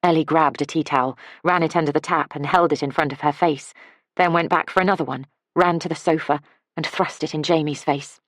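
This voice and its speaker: A female audiobook narrator reads a scripted story in a calm, measured way. Her voice is deep, and the recording is dry and studio quality.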